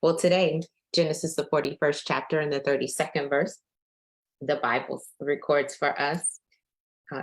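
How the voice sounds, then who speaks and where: Low-voiced woman leading live prayer. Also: little pitch movement, moderate pace, rough recording. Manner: warm welcoming, repeats invitations, conversational with fillers. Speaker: faith coach leading daily prayer. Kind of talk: live-streamed devotional talk.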